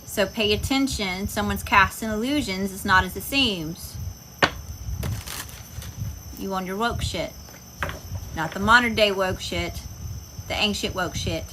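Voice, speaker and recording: A woman's voice: medium pitch, unhurried, pauses often, noisy background. A woman giving a casual tarot reading, talking bluntly and emphatically with plenty of profanity. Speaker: tarot reader. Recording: insects and crickets chirping behind.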